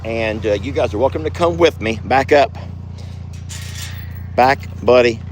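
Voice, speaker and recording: Doing chores out on a ranch, a chatty vlogger keeps up a casual commentary and coos fondly to the animals. The medium-pitched voice is unhurried, with slight background noise behind it.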